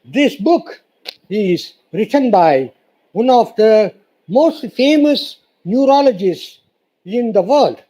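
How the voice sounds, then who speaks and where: Guy giving a college talk, high lively voice, slow and emphatic, says you see a lot. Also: low-quality recording. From India. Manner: repeats "you see" often, expressive and emphatic. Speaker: guest speaker. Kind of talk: formal lecture speech.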